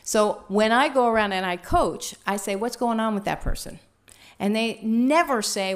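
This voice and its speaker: A woman trainer leading a workshop, talking in a lively, conversational way and asking the room questions. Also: medium pitch, moderate pace. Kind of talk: teaching a workshop.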